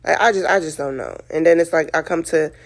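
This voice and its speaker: A woman's voice: sits low, brisk. A woman talking candidly to her camera as a new mother, exhausted, with many "like"s and "you know"s. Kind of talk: casual talk to camera.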